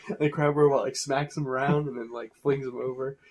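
A man in casual chat, retelling cartoon sketches in a lively way with voiced quotes. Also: medium pitch, fairly quick, slight background noise.

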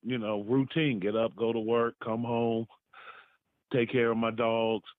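A man giving a personal testimony, halting, hesitant and earnest. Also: mid-range voice, little pitch movement, no echo. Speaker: guest sharing his story. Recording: tinny phone line, dry.

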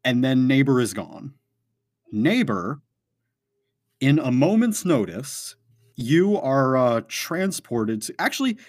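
A man narrating a tabletop game as game master, hesitant and full of fillers but animated. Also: mid-range voice.

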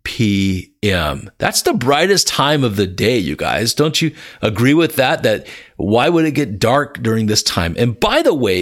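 Male Bible teacher, lowish voice, casual storytelling sermon with frequent restarts. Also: fairly bright tone. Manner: conversational, repeats words, addresses listeners as "you guys".

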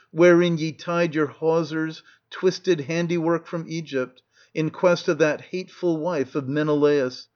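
A man with a fairly high voice reads a verse tragedy aloud, very slow and measured. His tone is mournful throughout. The recording is dull and lo-fi. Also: darkish tone. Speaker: audiobook narrator.

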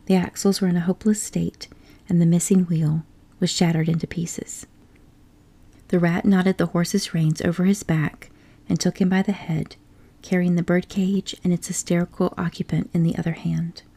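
A woman's voice: fairly low pitch, flat delivery, vocal fry, breathy edge. Whispering woman reading a storybook. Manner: soft, unhurried whispered reading. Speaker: storybook reader. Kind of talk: whispered role-play.

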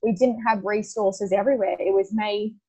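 A young adult woman, a podcast guest, telling her story in casual, animated talk, acting out dialogue and often laughing. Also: medium pitch, normal speed, slightly rough, poor audio.

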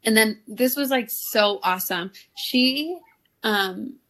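A woman's voice: on the high side, takes it slowly, a bit bright. A woman in her thirties, a podcast guest telling a story in casual chat, laughing often and using many fillers.

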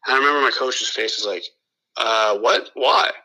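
A man's voice: mid-range voice, expressive, moderate pace, bright, forceful tone, poor audio. A man from the Los Angeles area telling a long story in casual chat, profane and full of restarts and quoted dialogue.

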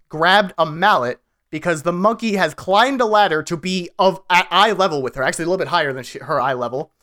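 A podcast co-host at a mid pitch narrates a ridiculous movie scene. The delivery is animated and giggly, with casual swearing.

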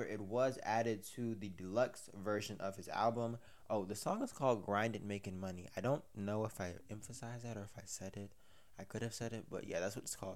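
A man hosting a casual commentary, recapping a story with rambling, chatty asides. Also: lowish voice. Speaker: commentary host.

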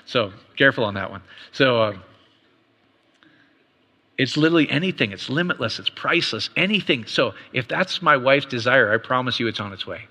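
A middle-aged man preaching a sermon as pastor, conversational, with quick asides and rhetorical questions. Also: medium pitch, animated, sharp tone. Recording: long reverb of a hall.

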